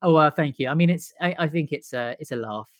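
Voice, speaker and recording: A man's voice: fairly high pitch, quick pace, no echo. A man, a musical comedian, chatting as a podcast guest in a rambling, self-deprecating way. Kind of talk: casual chat.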